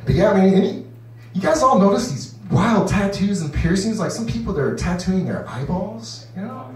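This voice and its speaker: This first-timer stand-up comedian has a high voice with lively intonation and talks at a normal speed. He rambles loosely on the comedy club stage, full of "you know" and acted-out voices, and the distant mic catches plenty of room echo.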